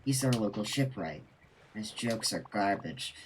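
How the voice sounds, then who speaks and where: A man's voice: lowish voice, expressive, a little slow, a little hiss or hum. A man reading as a meticulous game companion. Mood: earnest. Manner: plain, conversational line reading. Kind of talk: reading game dialogue aloud.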